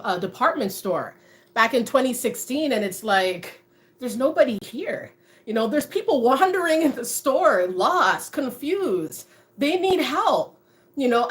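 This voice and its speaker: High-voiced, chatty woman streaming casually. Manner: chatty, animated, laughs often, many "you know"s. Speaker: motivational vlogger. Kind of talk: casual livestream talk to viewers.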